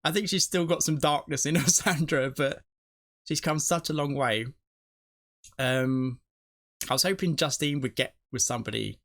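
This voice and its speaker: A man's voice: a little high, moderate pace, vocal fry, long pauses, a bit bright. A man hosting a TV reaction video, talking casually and emotionally as he thinks aloud, often restarting his sentences. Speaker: TV reaction channel host.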